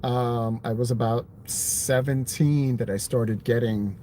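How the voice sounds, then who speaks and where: A man's voice: mid-range voice, steady tone, slow, mellow, slight background noise. Man casually rambling on a live stream. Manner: rambling, with many fillers and restarts. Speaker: vlogger sharing his hearing story.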